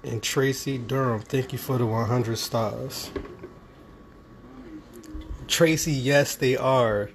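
A man's voice: mid-range voice, takes it slowly, pauses often, noisy background. Laid-back young man reading comments. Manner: teasing, laughing easily. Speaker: co-host reading viewer comments. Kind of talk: casual livestream chat.

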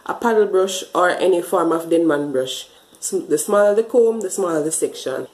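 Woman, casual hair tutorial, chatty step-by-step, deep warm voice, roomy echo. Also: normal speed. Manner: chatty, explains step by step while washing her hair. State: a bit out of breath. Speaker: hair care vlogger. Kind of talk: casual tutorial talk to camera.

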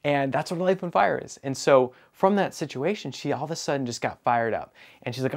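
Male business coach, medium-pitched, upbeat storyteller who acts out dialogue. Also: fast talker, few pauses. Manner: energetic, acts out quoted dialogue. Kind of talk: storytelling monologue.

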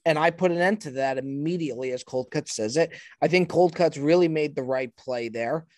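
A man's voice: a little high, brisk, dry recording, clean studio sound. A man hosting a podcast in casual banter, emphatic and repeating himself as he talks over his co-hosts. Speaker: podcast host.

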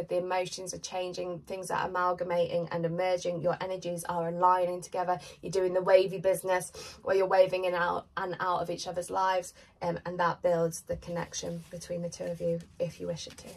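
Husky, gravelly woman with a cold, reading tarot in a loose chatty ramble, mic set a little back. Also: lowish voice, recorded from a distance, poor audio. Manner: chatty, rambling, filler-heavy. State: congested with a cold. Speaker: tarot reader. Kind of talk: pick-a-card tarot reading to camera.

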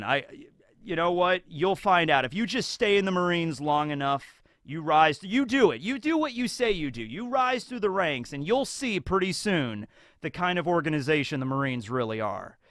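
A man voicing a gruff, cynical older navy captain locked in a cell, with a low, quiet, knowing drawl. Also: dry recording, clean studio sound.

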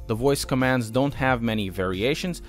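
A man's voice: medium pitch, moderate pace, faint music behind. A man giving a scripted, explanatory voice-over review of a sim racing app. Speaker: sim racing channel host.

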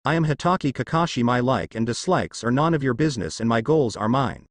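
A lazy, aloof grown ninja teacher, as a man reads him aloud. He sounds offhand and unbothered. The voice keeps a lively rise and fall, and the recording is dry and close. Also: mid-range voice, fairly quick, dry recording, close to an everyday voice.

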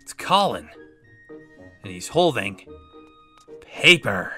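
A man's voice: mid-range voice, big pitch swings, takes it slowly, bright, forceful tone, soft background music. A man hosting a video game playthrough, playful and chatty as he comments on what he does. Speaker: let's play host.

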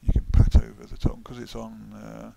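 Midlands guy explaining his digital painting, super gravelly voice, clicky noisy background. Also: fairly low pitch, normal speed, dull audio. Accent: English Midlands. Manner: relaxed, thinking aloud while working, often drops to a mutter. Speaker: digital artist. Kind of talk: casual painting tutorial voice-over.

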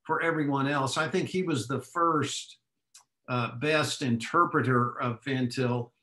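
A man with a Texas accent speaks in a bright tone, reasoning aloud and restarting phrases as he goes. His voice rings in an echoey room. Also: medium pitch, a little slow. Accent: Texan. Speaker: guest, professor. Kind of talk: conversational interview.

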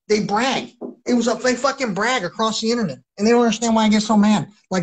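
A man's voice: high voice, quick pace. A man ranting on a livestream in an agitated, rambling way, swearing heavily.

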